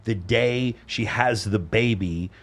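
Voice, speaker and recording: A man's voice: lowish voice, slow pace. A man hosting a casual panel chat in a studio, blunt and profane, telling stories with emphasis. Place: recording studio.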